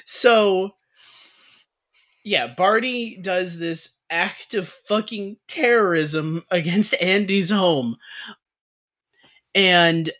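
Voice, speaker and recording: A woman co-hosting a podcast in loose, casual chat, swearing freely and filling her talk with "like." Her voice sits a little low but comes across bright and forward. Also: very slow, long pauses. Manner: blunt, swears freely, lots of "like". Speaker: podcast co-host. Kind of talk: casual chat recapping a TV episode.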